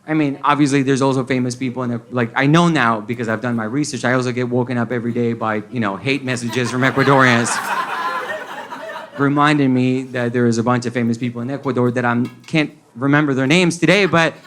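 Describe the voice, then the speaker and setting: This Colombian man's mid-range voice is fairly bright and evenly intoned, delivered a little fast over slight background noise. Doing stand-up for a comedy club audience, he switches between English and Spanish and plays the characters from his stories in a Colombian accent.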